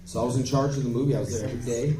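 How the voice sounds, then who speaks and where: A man telling stories as a guest on a convention panel, in an animated, emphatic way with bursts of volume, recorded on a phone from the audience. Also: mid-range voice, rapid-fire, music in the background. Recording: echoey hall, phone from far off.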